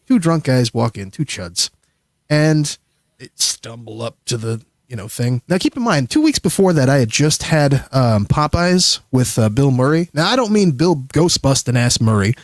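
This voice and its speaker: Animated, foul-mouthed man telling a story. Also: medium pitch, moderate pace, no echo, studio quality. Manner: rambling, profane, animated storyteller. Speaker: streamer guest. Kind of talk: casual storytelling on a livestream.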